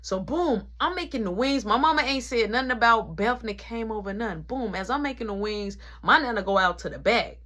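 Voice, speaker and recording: A woman telling a casual story, animated and full of reported speech. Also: fairly high pitch, brisk, hardly any pauses.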